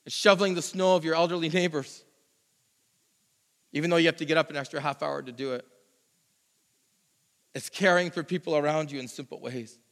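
A man preaching a sermon, telling a personal story with animated delivery and mimicking other people. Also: on the high side. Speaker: pastor. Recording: long hall reverb.

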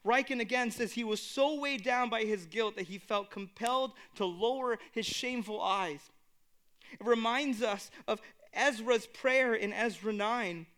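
A man preaching a sermon, earnest, moving between hushed reflection and emphatic exhortation. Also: high-pitched, unhurried. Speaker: pastor.

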